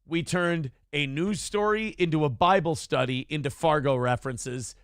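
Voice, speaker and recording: Gravelly-voiced joking male co-host. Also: on the high side, moderate pace, fairly bright tone, dry recording, clean studio sound. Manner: joking, drifts into storytelling voices and sung lyrics. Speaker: morning show co-host. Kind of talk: irreverent comedic podcast banter.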